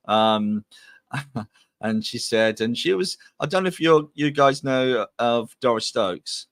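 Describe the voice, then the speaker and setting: A man's voice: mid-range voice, unhurried, fairly bright tone, dry recording. A man from England, a guest medium, telling his life story in a chatty, rambling way on a video call podcast. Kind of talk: casual podcast interview.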